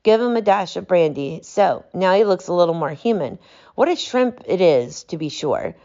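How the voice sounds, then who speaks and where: A woman reading aloud, voicing a calm, stern male detective who speaks with cutting precision. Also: fairly low pitch, moderate pace, highs cut off. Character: cool, commanding male detective.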